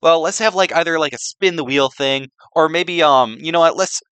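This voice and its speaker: Speaking at normal speed in a fairly high, bright, clear and resonant voice, a young man gives a rambling slideshow presentation with no room sound. He's sarcastic, leans heavily on "like," and keeps restarting.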